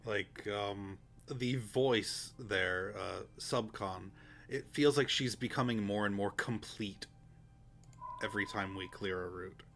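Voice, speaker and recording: Brief: a low-voiced male streamer reading a visual novel aloud, easygoing and rambling. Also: takes it slowly, slight background noise. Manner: relaxed, rambling with fillers. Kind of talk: casual stream chat and narration.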